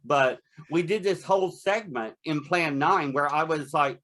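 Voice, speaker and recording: A man's voice: a little high, measured pace, few pauses, fairly bright tone. A man being interviewed about his horror hosting show, chatty and candid, laughing often as he talks. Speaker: guest, horror host performer. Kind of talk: casual interview.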